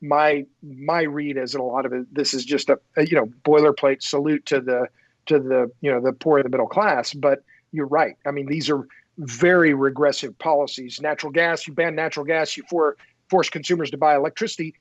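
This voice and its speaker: A fairly high-pitched man, an energy writer appearing as a podcast guest, talks briskly and steadily in a casual interview. He's talkative, repeating and restarting words as he begins each thought. The recording is dry and muffled.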